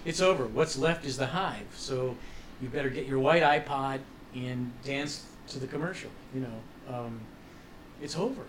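A man's voice: mid-range voice, normal speed, slight background noise, low-quality recording. A man guest on a radio interview, ranting with passion and cynicism about politics. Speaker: musician guest.

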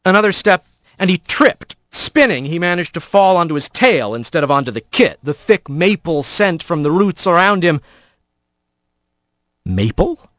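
A man reads an audiobook in an expressive storytelling style, voicing the characters as he goes. His voice sits a little high and swings widely in pitch. The sound is dry and close. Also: moderate pace, no echo. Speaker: narrator. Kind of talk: scripted audiobook narration.

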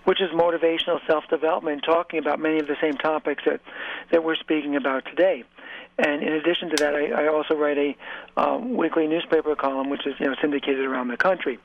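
A man's voice: fairly high pitch, fairly even intonation, fast talker. A man guest speaking earnestly in a motivational interview, repeating phrases for emphasis. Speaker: author and guest. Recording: tinny phone line, dry.

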